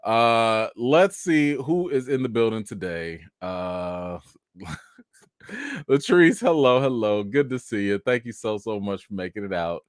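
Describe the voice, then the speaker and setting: A man hosting a casual live-stream chat, his pitch leaping high and dropping low as he acts out his own reactions in an animated story. He greets viewers by name in a relaxed, friendly flow. The sound is dry and close, with almost no room echo. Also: a little slow, clean tone.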